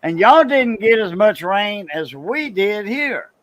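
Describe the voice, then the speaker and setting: A man's voice: sits high, very animated, slow, fairly bright tone. A man in casual livestream chat, rambling and hesitant, often correcting himself mid-sentence.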